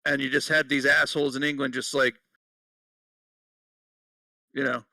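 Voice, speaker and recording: A man's voice: medium pitch, little pitch movement, moderate pace, dry recording. Casual podcast co-host, male, swears and laughs a lot, dry mic sounding a bit distant. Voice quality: bright, laughing, profane. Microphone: headset.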